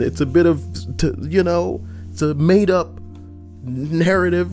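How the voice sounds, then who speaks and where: A young man rants through casual, profane commentary in a wildly lively voice. He rambles, pushing hard on some lines and dropping to a mutter on others. Faint music hums underneath. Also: unhurried. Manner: rambling, swaying between loud rants and low mutters. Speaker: YouTube commentator.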